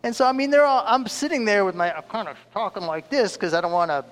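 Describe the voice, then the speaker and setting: A man, a preacher, telling a story in a sermon with an animated, chuckling delivery. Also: high voice, fast. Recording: long reverb of a large hall.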